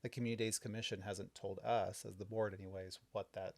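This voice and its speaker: A fairly low-pitched young adult man talks through local government matters at home for a podcast. He explains things in a relaxed, unhurried way, full of ums and self-corrections. The sound is close and dry, with no room echo. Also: creaky. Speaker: village trustee and podcast co-host. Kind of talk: casual podcast chat recapping a board meeting.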